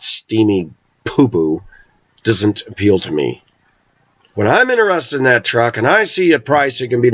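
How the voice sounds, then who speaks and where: A man's voice: medium pitch, dry recording, dull audio. A middle-aged man vlogging an opinionated monologue, talking with intensity and hard emphasis.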